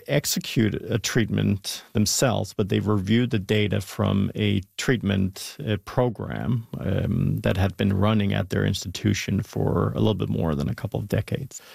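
A man's voice: fairly low pitch, gravelly, a little mellow, husky, no echo, studio quality. A man who is a scientist, giving an interview and explaining his research emphatically with asides. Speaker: scientist guest. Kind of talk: interview talk.

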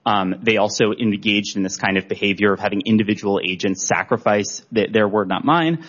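A man testifying at a hearing as an auditor, explaining his findings in a measured way. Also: on the low side, fairly bright tone, highs cut off. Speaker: auditor witness.

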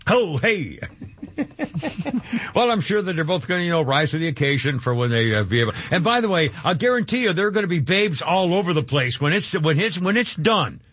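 A man's voice: fairly high pitch, big pitch swings, brisk, fairly bright tone, breathy edge. A man hosting a radio show, chatting casually in a rambling, jokey way with lots of fillers and restarts. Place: radio studio. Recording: dull lo-fi radio broadcast.

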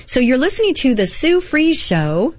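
A woman's voice: high voice, very animated, normal speed, dry recording. A middle-aged woman hosting a Christian inspirational radio talk show, earnest and encouraging, mixing devotional readings with personal asides.

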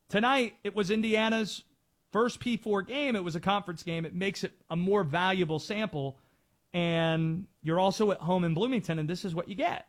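A man's voice: sits high, normal speed. A man hosting sports talk radio from a studio, driving his points home with rhetorical questions.

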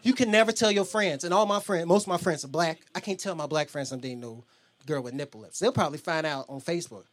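A man doing a stand-up comedy set, animated and profane, jumping into high squeaky voices when he quotes people. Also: fast talker, slight background noise. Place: comedy club stage. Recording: roomy club sound with a laughing crowd.

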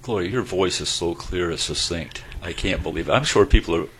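A man hosting a casual radio talk show, joking and laughing often, with halting restarts. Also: low-pitched, fairly bright tone, slight background noise.

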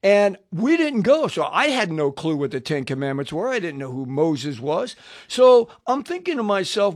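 An older man, a radio preacher, telling his conversion story as a sermon and acting out the dialogue with lively shifts of voice. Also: sits high, normal speed. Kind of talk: personal testimony sermon.

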